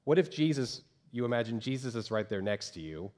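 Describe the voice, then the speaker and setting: A man preaching a sermon as pastor from a church stage, lively, acting out the voices of the people he describes. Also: medium pitch, a little fast. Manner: animated, acts out quoted voices of churchgoers.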